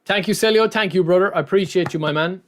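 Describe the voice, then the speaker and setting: A man's voice: sits high, fast talker. A man live-streaming, chatting casually to his viewers and often calling them lads and man.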